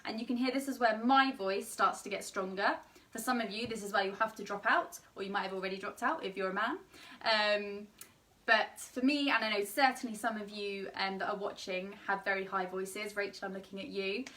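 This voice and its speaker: A woman's voice: medium pitch, steady tone, brisk, a bit bright, far from the mic. A young woman teaching an online singing lesson with a slightly tired voice, explaining and demonstrating sung vowels.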